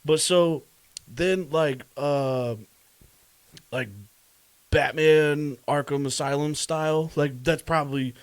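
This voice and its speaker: A man co-hosting a podcast in casual chat, recounting a story with animated delivery, frequent laughs and fillers. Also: a little high, slow, long pauses, smooth, dry recording. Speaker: podcast co-host.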